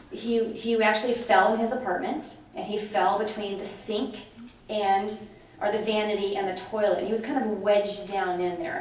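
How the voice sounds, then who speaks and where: A middle-aged woman giving a lively conference presentation, chatty and animated, often checking in with her audience. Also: mid-range voice. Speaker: conference speaker on dementia care. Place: large conference room. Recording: very echoey hall from far off, faint noise.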